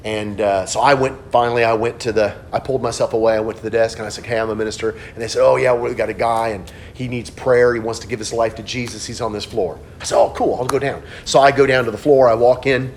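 A middle-aged man preaching a sermon as pastor, telling stories and swinging between hushed, low passages and animated outbursts. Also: fast, few pauses, slight background noise.

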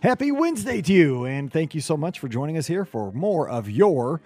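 A man hosting a podcast in upbeat chat, his voice a little hoarse from cheering. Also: fairly high pitch, a little fast. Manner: energetic, enthusiastic. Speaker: podcast host.

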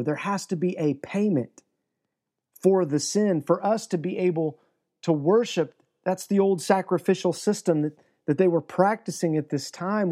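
A man's voice: high-pitched, dark tone. A man preaching an earnest, emphatic sermon as pastor, often restarting his phrases.

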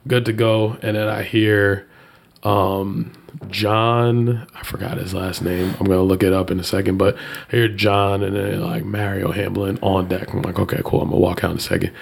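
Man, low gravelly voice, animated storyteller, casual chat. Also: moderate pace. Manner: animated, jumps high when quoting people.

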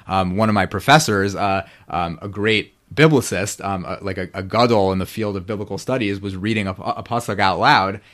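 His voice sits low with a bit of brightness as he appears on a podcast as a Bible scholar. Explaining biblical Hebrew in teacher mode, he stays precise on pronunciation and keeps asking "right?".

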